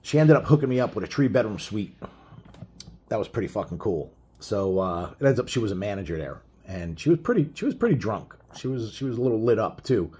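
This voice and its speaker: A middle-aged man tells a road story casually, swearing freely and wandering off with fillers. His voice sits low in pitch. It has a husky edge. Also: sing-song, brisk, mellow. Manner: profane, blunt, rambling with many fillers. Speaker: biker author telling a road story.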